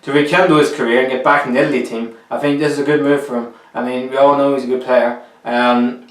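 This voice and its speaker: A man's voice: mid-range voice, flat delivery, quick pace, far from the mic. A young man giving casual, opinionated football transfer commentary in a rambling, chatty way. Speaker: football vlogger. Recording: roomy echo, a little off the mic.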